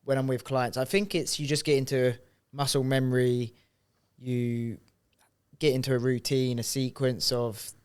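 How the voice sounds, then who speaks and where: A man's voice: mid-range voice, little pitch movement, normal speed, darkish tone, smooth. A man co-hosting a podcast, chatting casually in a reflective way that often trails off and restarts. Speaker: podcast co-host.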